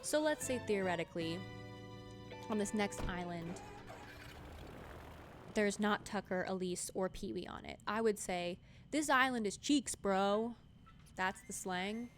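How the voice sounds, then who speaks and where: A woman's voice: medium pitch, a little slow, pauses often. A woman streaming a video game, chatting casually with her viewers in a playful, teasing way. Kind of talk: casual gameplay livestream chat. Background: game music.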